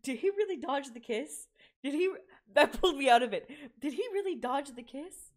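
A woman's voice: high-pitched, lively intonation, a little fast. A woman giving casual, chatty reaction commentary on an anime episode, slangy and exclamatory.

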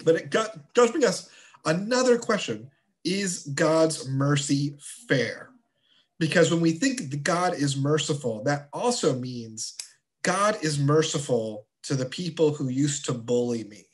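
A man teaching a confirmation class of teenagers in a relaxed, chatty way with playful asides. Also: a little high, normal speed. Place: church.

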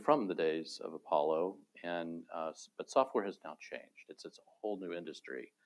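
A middle-aged man, a retired space robotics engineer, telling stories in a relaxed panel talk with self-amused asides. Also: low voice.

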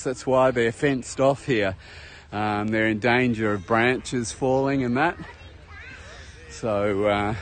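A man's voice: mid-range voice, a little hiss or hum. A man rambling through a casual walking tour of a beach park, talking to viewers as he goes. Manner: chatty, rambling, addresses viewers as folks. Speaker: travel vlogger. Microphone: handheld camera while walking.

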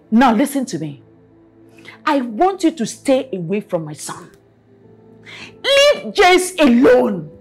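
A woman's voice: high-pitched, husky, heavily acted. An imperious scolding mother. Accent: Nigerian. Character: stern wealthy mother scolding her son's former maid. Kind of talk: Nollywood film acting.

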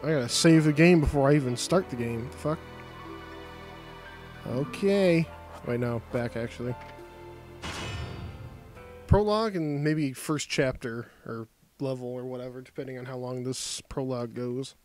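A man's voice: mid-range voice, moderate pace, pauses often, darkish tone, faint music behind. A man giving sardonic, profane commentary while playing a video game. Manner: sardonic, profane, mumbling asides. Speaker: gameplay streamer. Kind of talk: casual gameplay commentary.

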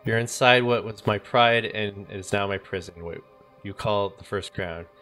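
A man voicing a bitter, ancient male elven ghost king, in a low voice with brooding lines. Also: measured pace, sharp tone, faint music behind.

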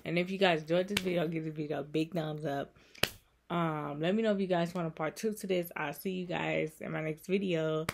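A woman vlogger with a gravelly, fry-laden voice talks to her viewers in a heartfelt, comforting way. She repeats herself often and keeps her delivery emotional and soothing throughout. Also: deep voice, fairly even intonation, a little fast, noisy background. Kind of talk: heartfelt encouraging vlog talk.

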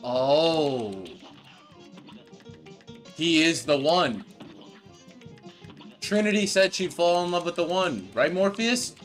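A young man giving live commentary as he plays a video game, frustrated, yelling at the boss and rambling in jokes. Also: fairly high pitch, expressive, takes it slowly, pauses often, faint music behind. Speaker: gamer playing a video game.

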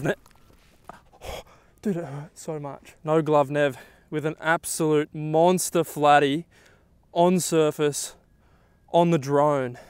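A young man talking outdoors on the water while fishing, exclaiming excitedly to the camera. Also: a little high, clean tone, no echo. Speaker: fishing vlogger.

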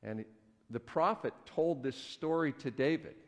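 A man's voice: fairly high pitch, normal speed. Male pastor preaching in an echoey church. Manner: conversational, folksy. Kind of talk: storytelling sermon. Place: church sanctuary.

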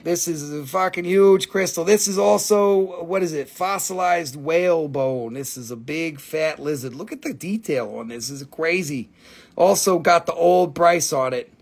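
A man's voice: a little high, normal speed, husky. A man hosting a casual live stream selling rocks, joking and rambling with plenty of swearing. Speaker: rock shop seller.

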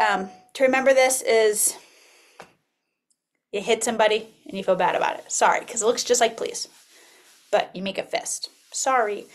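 A woman in her thirties presenting an early childhood webinar, acting out classroom dialogue as she teaches. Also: high-pitched. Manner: animated, acts out classroom dialogue.

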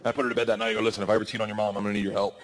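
A man doing a stand-up comedy set on stage, telling stories loudly with swearing and acted-out voices. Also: lowish voice, very fast. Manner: loud, animated storytelling with swearing and acted-out voices. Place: comedy stage before a live audience. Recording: live audience noise in the background.

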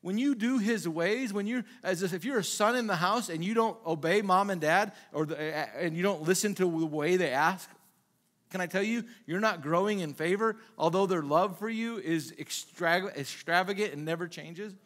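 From the pulpit, a Minnesota pastor with a fairly high, fairly bright voice preaches at a moderate pace. His style is loose and conversational: he fires rhetorical questions at the congregation and acts out little quoted exchanges.

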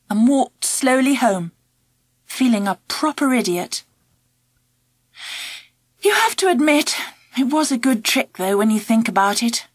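Animated woman reading a story. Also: fairly high pitch, slightly rough, no room sound. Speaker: audiobook reader. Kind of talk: first-person children's book narration.

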